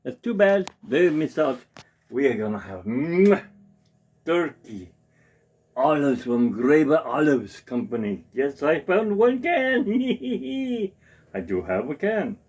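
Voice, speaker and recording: A man's voice: on the high side, very animated, slow pace, darkish tone, husky. A man hosting his own casual cooking demonstration in a home kitchen, chatting and reading package steps aloud with comments. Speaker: home cooking show host.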